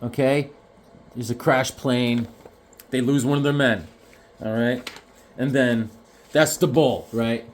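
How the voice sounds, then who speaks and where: A man chatting casually about comic books, jokey and animated, now and then acting out the characters. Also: mid-range voice, takes it slowly, pauses often. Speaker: comic collector vlogger. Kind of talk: casual chat.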